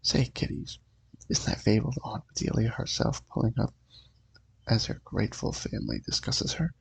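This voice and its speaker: A man's voice: on the low side, wildly swooping pitch, moderate pace, creaky, husky, full character voice, poor audio. A man voicing a sly, ghoulish male host from a horror comic, teasing the reader with asides. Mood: conspiratorial.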